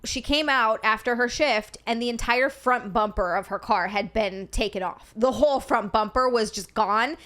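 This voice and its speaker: A woman co-hosting a comedy podcast, chatting casually with quick, agreeable reactions. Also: on the high side, fairly bright tone. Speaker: podcast co-host.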